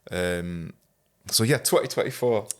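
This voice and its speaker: A man's voice: fairly low pitch, unhurried, slight background noise. A man hosting a podcast in casual chat, chatty and profane, telling stories in quoted voices and laughing often. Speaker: podcast host.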